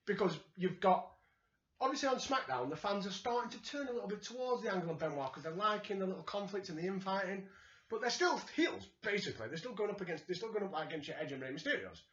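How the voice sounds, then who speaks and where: A man with a Yorkshire accent chatting as a podcast co-host, animated, laughing often and acting out quotes. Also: sits high, fast talker, slight background noise. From England. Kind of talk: casual chat reviewing wrestling. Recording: roomy, slightly dull sound.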